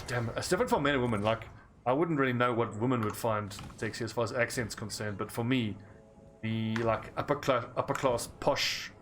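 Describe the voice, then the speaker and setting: Slight background noise sits under this man's medium-pitched, somewhat bright voice. Speaking with an English South African accent, he plays a game on stream, rambling chattily and laughing readily.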